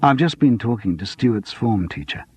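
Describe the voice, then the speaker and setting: A man voicing a calm, quietly insistent man questioning someone, in a storybook reading. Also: medium pitch, slightly rough. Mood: probing. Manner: measured, persistent, cool. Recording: dull lo-fi dry audiobook recording.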